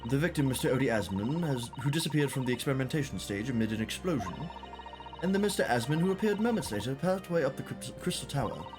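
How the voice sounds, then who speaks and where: A man's voice: medium pitch, sing-song, fast talker, over music, close to an everyday voice. A streamer voicing a cold, curt woman forensic scientist in a detective game. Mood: frosty, curt. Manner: curt, frosty.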